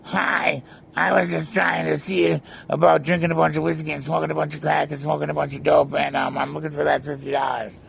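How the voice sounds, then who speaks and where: Shifty woman demanding money, as a man mimics her, sly and wheedling, gravelly edge. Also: on the high side, level tone, fairly quick, fairly bright tone, slight background noise. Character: woman seller haggling over money, shifty.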